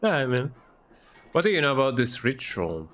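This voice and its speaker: Verspielter männlicher Streamer. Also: male voice, mid-range voice, big pitch swings, normal speed, fairly bright tone. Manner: playful, reading dialogue aloud, ending lines with "eh?". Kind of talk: casual let's-play commentary.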